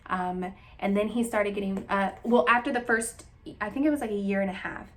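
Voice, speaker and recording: A woman's voice: mid-range voice, a little fast. A woman in her twenties from Texas shares a personal story in a candid, emotional way. She rambles and restarts her sentences as she goes. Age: 20s. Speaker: vlogger.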